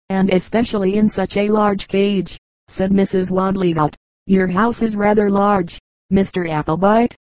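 A woman reading an audiobook as scripted narration, in an even, unhurried manner. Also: medium pitch, no room sound, poor audio. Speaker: audiobook reader.

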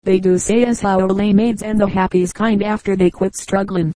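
A woman's voice: medium pitch, fairly even intonation, moderate pace, dark tone, dry recording, natural voice. A woman voicing a kindly old female housekeeper in a read-aloud joke book, speaking in a folksy, consoling way.

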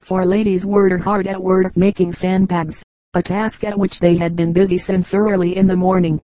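Woman reading in a flat, mellow voice. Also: fairly low pitch, moderate pace, dry recording, rough recording. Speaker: audiobook reader. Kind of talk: scripted narration.

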